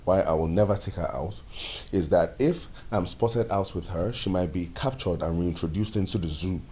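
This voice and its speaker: A man's voice: low voice, normal speed, mellow, close to an everyday voice. A young man with a Nigerian accent playing a blunt, sarcastic grown son in a Nollywood film, scornful and indignant. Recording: echoey room with faint hum.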